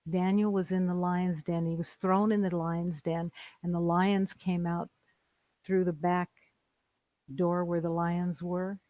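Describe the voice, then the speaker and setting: A spiritual teacher giving a slow, meditative talk in calm, repeated declarations. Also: medium pitch, dry recording, low-quality recording. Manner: calm, repetitive, declarative phrasing.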